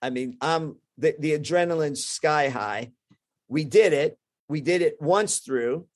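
A middle-aged man, a surgeon guest, telling an animated story with frequent restarts. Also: on the high side, measured pace. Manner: lively anecdote-telling with many restarts and quoted voices.

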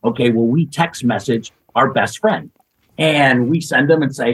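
A man with a very husky, breathy voice tells stories as a podcast guest. He jumps between anecdotes and acts out what other people said, chuckling along the way. His pitch sits in a mid range. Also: unhurried, rough recording. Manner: lively anecdotes with acted quotes and laughter. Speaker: guest, executive search consultant. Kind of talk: storytelling in a podcast interview.

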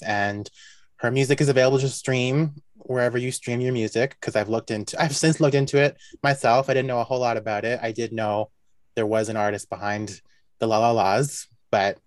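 A man from Canada co-hosting a casual podcast, laid-back and quick to laugh. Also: medium pitch, steady tone, no echo. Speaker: podcast co-host.

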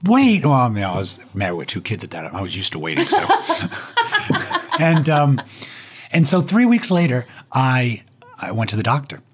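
A man's voice: mid-range voice, huge pitch swings, moderate pace, a little hiss or hum. A man, a guest on an interview show, telling a personal story with self-deprecating humor and punchlines.

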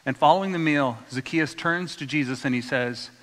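Bright-voiced pastor preaching in a reverberant hall. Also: male voice, fairly high pitch, moderate pace. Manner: storytelling, acts out quoted voices, asks congregation to repeat words. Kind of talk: sermon.

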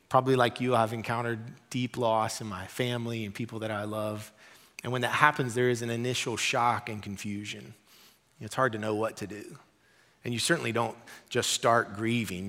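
A man's voice: on the low side, a bit bright. A man preaching a sermon as pastor, talking in an earnest, conversational way and acting out quoted asides. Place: church sanctuary. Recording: hall reverb.

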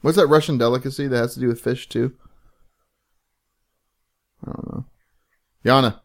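A man's voice: medium pitch, steady tone, normal speed, vocal fry. A man co-hosting a podcast in casual chat, self-deprecating and crude, laughing a lot. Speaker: podcast co-host.

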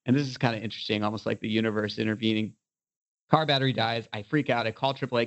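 A man's voice: lowish voice, fast, lo-fi sound. A man, an entrepreneur guest, telling an anecdote in a casual interview, full of "you know" fillers. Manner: animated storyteller, many "you know" fillers.

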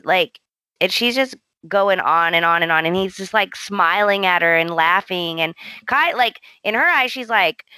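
Bright woman chatting, dry close sound. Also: on the low side, lively intonation, normal speed, clean tone, no echo. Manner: chatty, quotes characters in a raised voice. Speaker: podcast co-host. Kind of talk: casual soap opera recap chat.

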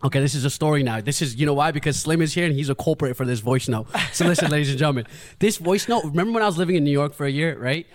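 A man hosting a casual podcast, telling stories in an animated way and laughing often. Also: on the high side, very fast. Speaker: podcast host. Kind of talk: casual chat.

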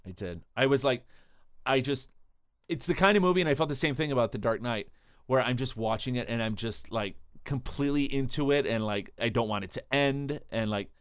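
A man's voice: mid-range voice, brisk, smooth, dry recording, studio quality. A man co-hosting an entertainment podcast, chatting casually and enthusiastically, with lots of "like" fillers. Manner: enthusiastic, says "like" often. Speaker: podcast co-host. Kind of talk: casual chat.

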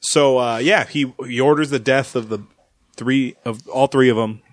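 A man's voice: mid-range voice, moderate pace, no room sound. A man walking through a movie's plot on a podcast, easygoing and chatty, in a mid-range voice. The recording is dry and close. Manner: recaps the plot in a relaxed storytelling way. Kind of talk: casual movie podcast chat.

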